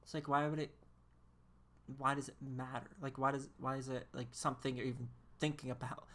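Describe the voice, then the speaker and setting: A woman with a low-pitched voice chats casually while live-streaming a game. She rambles and sounds incredulous, laughing often between her thoughts. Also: level tone, brisk, a bit bright.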